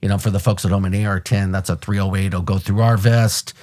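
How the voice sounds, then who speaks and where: A deep, low-pitched American man in his fifties tells a story from his years as a police officer. He is blunt and animated, swears casually, and acts out the sounds of the scene. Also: fast. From United States. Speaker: podcast host, retired police officer. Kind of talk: conversational storytelling.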